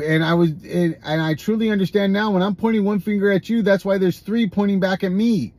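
A man's voice: sits high, normal speed, darkish tone. A man hosting a podcast, talking candidly in a confessional monologue with frequent restarts. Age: adult, has a grown son. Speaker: podcast host. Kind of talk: personal monologue about recovery.

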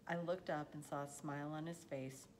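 A woman reading a children's novel aloud in a steady, unhurried storytelling manner. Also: sits low, a little hiss or hum, rough recording. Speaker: audiobook reader.

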